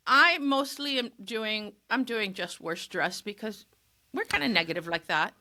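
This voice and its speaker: A woman's voice: mid-range voice, measured pace, sharp tone. A woman co-hosting a podcast, chatting casually and poking fun at herself. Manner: chatty, self-deprecating. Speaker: podcast co-host. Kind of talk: casual chat.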